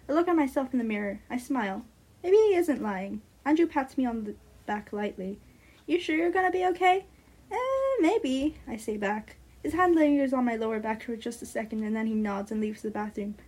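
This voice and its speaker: A woman's voice: a little high, a little fast, warm tone. A young woman reading a first-person short story aloud in an earnest, breathless way. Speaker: student reader.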